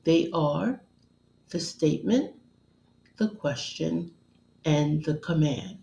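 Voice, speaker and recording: A woman narrating a scripted grammar lesson as a teacher, in a measured, deliberate, instructional way. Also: sits low, creaky, warm tone, slight background noise. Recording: roomy echo.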